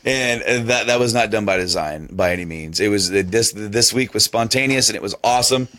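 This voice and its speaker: A man's voice: lowish voice, fairly quick, pushed and bright, no echo. A man hosting a podcast in casual chat, wrapping up an episode in an upbeat way. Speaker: podcast host.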